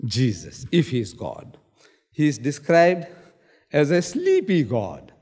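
A man's voice: on the high side, wildly swooping pitch, slow, darkish tone. Man arguing hard in a debate, keeps repeating himself and firing off questions, big hall echo all around. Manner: emphatic, rhetorical questions, repeats key words. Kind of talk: public debate speech. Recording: long reverb of a large hall.

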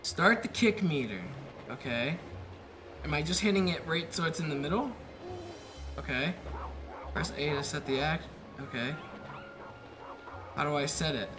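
A man streaming a video game with a friend, swearing a lot and shouting at the screen. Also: fairly high pitch, unhurried, long pauses. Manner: profane, excitable, yells at the game. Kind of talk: casual gaming stream banter. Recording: game music playing behind.

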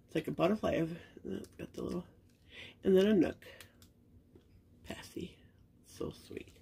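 Brisk and creaky, her fairly low voice is mellow with a breathy edge. She's a middle-aged channel host and reborn doll collector chatting casually to viewers as she unboxes baby clothes, getting sentimental and gushy and using frequent fillers.

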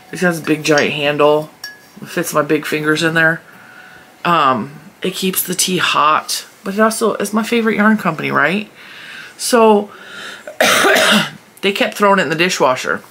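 A woman's voice: deep voice, bright, forceful tone, slight background noise. A woman vlogging casually at her desk, chatty and rambling with frequent laughs, sounding stuffy from allergies. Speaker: crochet channel vlogger. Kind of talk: casual chat vlog.

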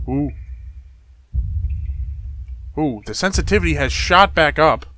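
A man's voice: a little high, expressive, slow, pushed and bright. A man giving joking let's-play commentary on a horror game, talking back to the game with jumpy exclamations. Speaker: gameplay streamer.

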